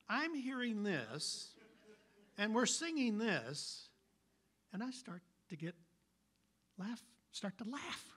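A man preaching a sermon, telling stories in an animated, folksy way. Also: high-pitched, takes it slowly, pauses often, husky. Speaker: pastor.

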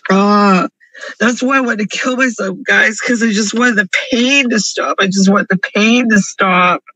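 A man's voice: sits high, measured pace, pushed and bright, no echo, rough recording. A man crying through an emotional confessional vlog, pleading and repeating himself over and over from his parked car. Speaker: vlogger.

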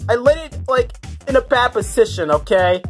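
A woman's voice: a little high, expressive, normal speed, a little mellow, faint music behind, lightly acted. A woman doing a whiny panicky Koopa. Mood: pleading. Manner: whiny, melodramatic, stammering. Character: panicky young male Koopa, whiny and dramatic. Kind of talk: puppet comedy skit.

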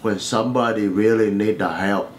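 A man playing a doting, sweet-talking immigrant father who speaks slow broken English. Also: lowish voice, steady tone, a little hiss or hum, close to an everyday voice.

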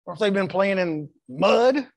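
Middle-aged male pastor, high-pitched, emphatic sermon delivery, dry close mic. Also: animated, a little slow, dry recording. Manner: emphatic preaching with acted-out quotes and repetitions. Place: church sanctuary.

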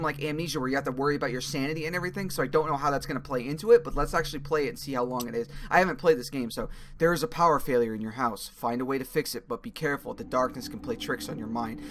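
Bright-voiced young man, jumpy gamer. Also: a little high, a little hiss or hum. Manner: excitable, jumpy reactions, swearing, thinking aloud. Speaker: gaming YouTuber. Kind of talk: let's play commentary.

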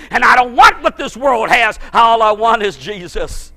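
A middle-aged man preaching a fervent sermon as pastor, moving from quiet talk to shouting and stacking repeated words as he builds. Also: extremely high pitch, lively intonation, normal speed, hardly any pauses.

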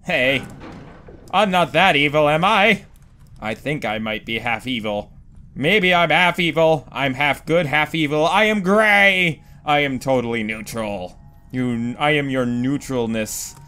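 A young man commentating a video game as he plays, swearing, panicking loudly and laughing at himself. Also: a little high, animated, unhurried. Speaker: gaming commentator. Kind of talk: let's play commentary. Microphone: desk microphone.

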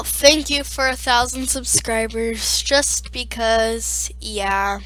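A woman YouTuber in a casual vlog, excitable and gushing, swearing freely. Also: a little high, slow, few pauses, dry recording. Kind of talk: casual subscriber-special vlog.

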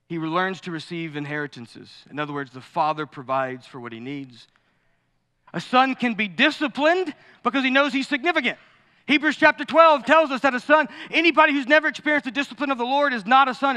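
A man delivers a lively sermon, leaning into jokes and acted-out asides. His voice sits high and sounds bright and forceful. It rings out with long reverb through a large church sanctuary. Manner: animated, jokey preaching with asides and acted-out quotes. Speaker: pastor.

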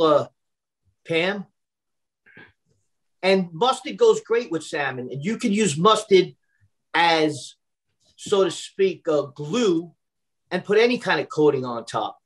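A man from Brooklyn, New York, this personal chef has a high-sitting, fairly bright voice, heard through poor audio. Chatting casually on a video call, he fills his talk with fillers and restarts, repeating words as he begins.

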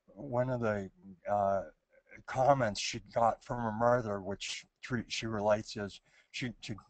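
Slow, hesitant man answering questions. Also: medium pitch, dry recording. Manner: hesitant, many restarts and fillers. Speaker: presenter answering audience questions. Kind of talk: thoughtful Q&A talk.

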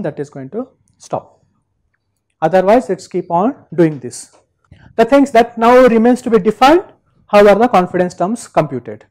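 A male university lecturer explaining step by step, checking in with listeners and pausing on fillers. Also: high-pitched, a little mellow, low-quality recording. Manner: explains step by step, frequent "right?" and "uh".

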